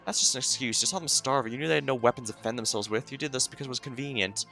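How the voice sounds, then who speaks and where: A man's voice: mid-range voice, very fast, vocal fry, sharp tone, soft background music. A man voicing a guarded young woman investigator, reading a game story aloud in a brooding, suspicious way. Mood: accusing. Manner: brooding, suspicious, then accusing.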